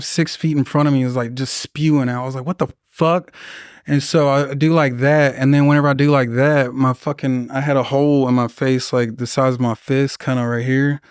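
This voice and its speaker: A young man and Marine veteran telling a war story in casual, profane talk, jumping into loud, high voices for the people in his story. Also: clean tone, dry recording, clean studio sound. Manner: profane, animated, acts out voices in his stories.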